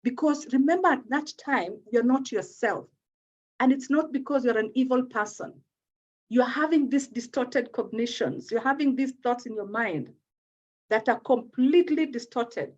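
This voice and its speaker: A woman's voice: a little high, moderate pace, a little mellow. A woman speaking as a guest in an interview, explaining at length, often checking in with "okay?" and repeating words as she gathers her thoughts. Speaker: guest speaking on postpartum depression. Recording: dull lo-fi audio.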